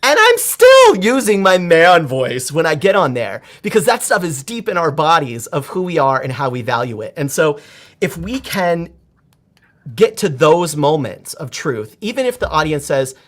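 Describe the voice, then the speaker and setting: A man in his forties, a performance coach, talking as a podcast guest in an animated, expressive way with frequent restarts. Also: fairly high pitch, normal speed. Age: 40s. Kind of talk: conversational podcast interview.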